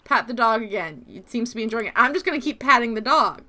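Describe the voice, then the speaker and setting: A woman streaming a video game, gasping and squealing with excitement, and murmuring quickly when she reads the game's text aloud. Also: a little high. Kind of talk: gaming livestream chat and reading game text aloud.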